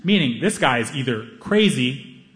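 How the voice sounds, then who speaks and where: A young man doing stand-up comedy, telling a story with animated delivery and acting out the people in it. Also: mid-range voice, normal speed, big-room sound.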